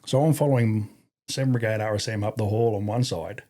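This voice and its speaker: A man's voice: fairly low pitch, a little fast. A man with an Australian accent telling a long, profane army story in casual conversation, acting out the people he quotes. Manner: profane, animated, acts out quotes. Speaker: guest.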